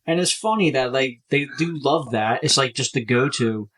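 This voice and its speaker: A man's voice: mid-range voice, moderate pace, a bit bright, poor audio. A young man from the United States, co-hosting a comedy podcast, teasing his friend and laughing a lot. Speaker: podcast co-host. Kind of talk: casual comedic chat.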